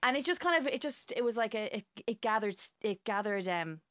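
A woman, a guest on a radio culture panel, chatting in a giggly, rushed way and often stumbling over words. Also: on the high side, animated, a bit bright, no echo, studio quality. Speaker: podcaster and writer, panel guest. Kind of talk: casual chat.

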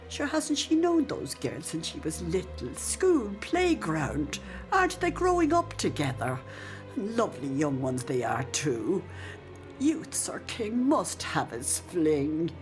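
A woman's voice: fairly low pitch, a little slow, soft background music. An older woman with an Irish accent narrating and playing a devoted, outspoken old nanny in a radio drama. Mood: defiant. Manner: storytelling narration with lively, emphatic speech. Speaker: narrator and character.

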